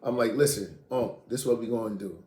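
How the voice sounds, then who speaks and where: A middle-aged man from Queens, casually telling a story in street slang and profanity, animated and blunt. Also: fairly low pitch, quick pace. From Queens, New York. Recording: echoey room, faint noise.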